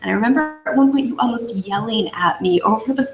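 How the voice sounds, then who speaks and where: A woman's voice: mid-range voice, fast, creaky, few pauses, reverberant, a little hiss or hum, poor audio. A woman hosting a casual interview, reflecting on her own experience as she talks. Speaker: host.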